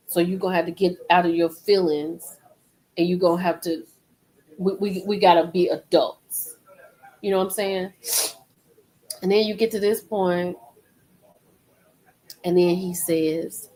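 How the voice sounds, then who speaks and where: A woman's voice: mid-range voice, fairly even intonation, measured pace, long pauses, dark tone, rough recording. Rambling woman chatting to viewers. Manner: rambling, repeats phrases, talks straight to viewers. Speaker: live stream host. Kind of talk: casual live-stream chat.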